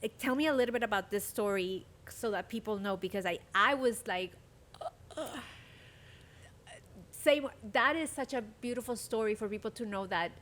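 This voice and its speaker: A woman's voice: medium pitch, fairly quick, few pauses, fairly bright tone. A woman hosting an interview, drawing out a guest's story with emphatic reactions. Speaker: interviewer, host. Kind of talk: conversational interview.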